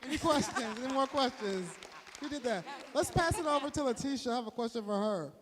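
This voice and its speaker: A man with a strikingly high voice moderates a premiere Q&A with upbeat compliments. His voice carries a long hall echo. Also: animated, fast talker, noisy background. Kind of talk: hosting a Q&A. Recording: echoey hall.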